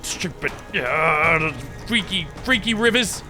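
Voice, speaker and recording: A man's voice: high voice, big pitch swings, unhurried, sharp tone, soft background music. A man giving goofy, dramatic, self-mocking commentary while playing a video game. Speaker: gaming video creator. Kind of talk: let's-play commentary.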